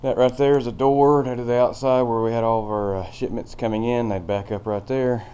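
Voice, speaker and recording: A man's voice: medium pitch, fairly even intonation, fairly quick, mellow, smooth. A man giving a casual, rambling walkthrough of a large empty old factory, recorded on a handheld camera. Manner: rambling, plainspoken, with fillers. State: out of breath. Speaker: vlogger touring a building.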